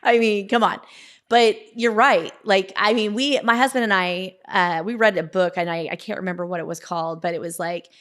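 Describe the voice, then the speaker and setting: Woman, podcast host, casual chat, filler-heavy, mid-pitched. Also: normal speed, fairly bright tone. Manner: conversational, many "like" and "I mean" fillers.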